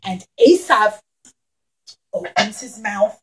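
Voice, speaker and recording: A woman telling a puppet show story to young children, animated and talking straight to them. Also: mid-range voice, takes it slowly, poor audio.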